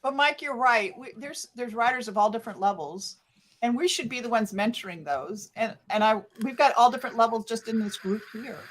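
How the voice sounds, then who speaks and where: A woman's voice: on the high side, a little fast. An older woman, a grandmother who rides motorcycles, talking candidly and encouragingly in a casual group chat. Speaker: motorcycle rider.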